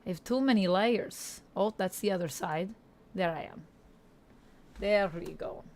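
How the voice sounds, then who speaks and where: A woman with a medium-pitched, darkish voice speaks at a measured pace while livestreaming a game through a headset mic. Putting on a Russian accent, she jokes with viewers, reads chat aloud, and plays it mock-serious in this casual stream banter.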